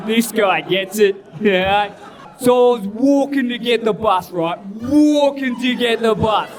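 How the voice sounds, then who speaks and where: Male comic, high voice, slow deliberate punchlines, live club crowd. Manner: punchy repetitive delivery with a catchphrase. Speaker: stand-up comedian. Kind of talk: stand-up set on stage. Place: comedy club stage. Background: crowd laughing and cheering.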